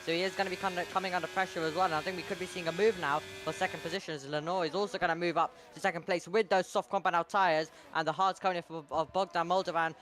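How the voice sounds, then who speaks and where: Fast-talking male co-commentator. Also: high-pitched, fairly even intonation, a bit bright. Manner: rapid, filler-heavy analysis. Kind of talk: sim racing analysis.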